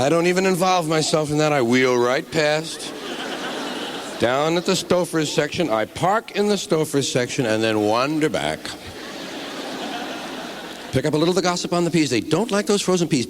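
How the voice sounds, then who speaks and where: A male stand-up comedian with a profane, drawling delivery. His pitch swings widely, rising and falling through each bit. There is noticeable hiss in the recording.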